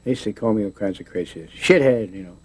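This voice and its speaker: A man's voice: lowish voice, fast talker, darkish tone, breathy edge. A man in a casual interview, telling stories in a rambling way with many restarts, often slipping into voices.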